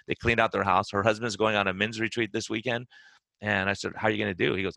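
A man hosting a podcast as a weight-loss coach, telling client stories in a casual, animated way and acting out their words. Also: fairly low pitch, fast talker, creaky, no room sound.

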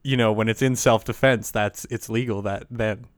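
A man's voice: lowish voice, fairly even intonation, moderate pace, no room sound, clean studio sound. A man co-hosting a podcast, telling a story in a laid-back way, swearing freely and laughing often. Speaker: podcast co-host. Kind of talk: casual chat and storytelling.

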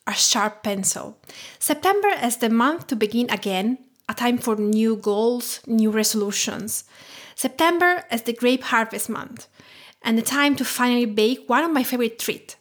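A woman from Tuscany in her thirties with an Italian accent, hosting a podcast in measured, reflective scripted narration. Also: fairly high pitch. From Tuscany, Italy. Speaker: podcast host and home cook.

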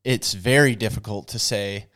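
A man's voice: lowish voice, moderate pace, fairly bright tone. A man, co-hosting a podcast in casual talk, earnest and emphatic, repeating words to drive a point home. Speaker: podcast co-host.

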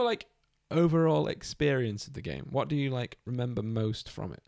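A man in casual chat, talking with enthusiasm and swearing freely. The voice sits at a middling pitch. The sound is dry and close to the mic. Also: expressive, normal speed, vocal fry, darkish tone, no echo. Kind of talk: casual chat about a video game.

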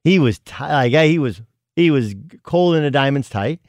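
A man's voice: fairly high pitch, lively intonation, normal speed, no echo, clean studio sound. A middle-aged man co-hosting a sports radio show, chatting casually and rambling with many restarts. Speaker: guest co-host, college basketball analyst.

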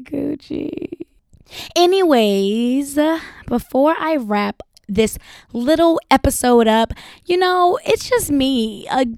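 A woman's voice: a little high, smooth, no room sound, clean studio sound. A young woman hosting a solo podcast, talking bluntly with lots of profanity and frequent laughter. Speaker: podcast host.

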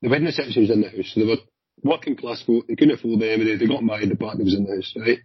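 A man with a Glaswegian accent, a former police officer, telling hurried, animated stories in a casual chat with some swearing. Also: on the low side, slightly rough, no room sound. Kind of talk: casual anecdotal storytelling. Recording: dull lo-fi sound.

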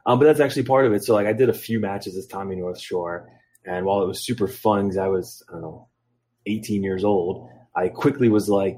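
A man in his thirties from Philadelphia, a guest on a casual podcast, telling long rambling stories. His voice sits low and a little husky, and he fills pauses with ums. He slips into quick impressions when he quotes other people. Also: warm tone. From Philadelphia, USA. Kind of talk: casual storytelling interview.

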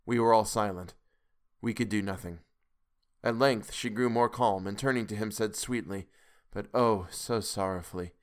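Male podcast reader, measured and grave, classic novel narration. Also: lowish voice, fairly bright tone. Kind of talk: audiobook narration.

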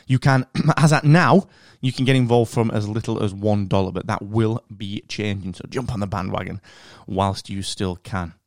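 A man with a Northern English accent hosting a podcast, chatting in an animated, rambling way with plenty of fillers. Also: lowish voice, moderate pace, few pauses, no room sound, studio quality. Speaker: podcast host. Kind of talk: casual podcast monologue.

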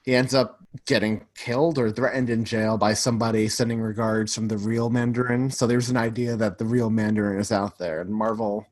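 A man's voice: on the low side, level tone, brisk, few pauses, a little mellow, no room sound. A man co-hosting a podcast in casual chat, talkative and full of "like" fillers. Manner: talkative, fills speech with "like". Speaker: podcast co-host.

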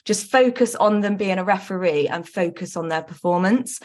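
A woman's voice: mid-range voice, moderate pace, a little mellow. A woman co-hosting a football podcast, talking candidly and earnestly with lots of ums and restarts. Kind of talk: casual podcast chat.

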